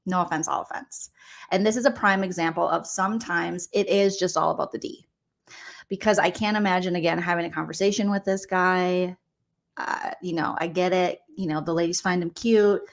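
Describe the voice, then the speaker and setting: A woman's voice: lowish voice, steady tone, normal speed, gravelly. A woman comedian giving sassy, sarcastic reaction commentary, often laughing as she talks. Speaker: comedian vlogger reacting to reality TV.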